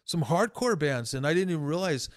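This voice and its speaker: A man in his fifties, a podcast guest spinning loose, profane stories in casual chat. His voice sits a bit high for a man, and the sound is close and dry. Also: lively intonation, fairly quick, no echo. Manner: profane, rambling storyteller.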